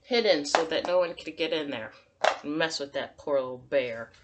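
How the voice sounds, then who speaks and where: A woman teacher giving a gentle, encouraging drawing lesson to young children and talking through each step as she draws. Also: sits low, moderate pace, very noisy. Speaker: kindergarten teacher.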